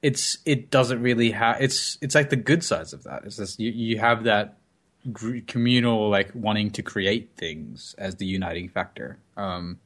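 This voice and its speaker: A man's voice: lowish voice, measured pace, fairly bright tone. A man hosting a gaming podcast, musing casually and trailing off mid-thought.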